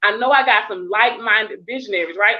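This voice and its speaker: A woman in casual, heartfelt conversation, telling stories in an effusive, animated way. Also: medium pitch, brisk. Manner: effusive, animated storytelling with laughter. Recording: muffled lo-fi audio.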